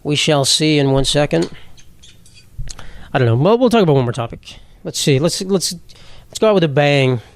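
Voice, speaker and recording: A man's voice: a little high, animated, moderate pace, long pauses, dry recording. A young man hosting a solo comedy podcast, rambling bluntly and mocking himself, often laughing mid-sentence. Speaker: podcast host.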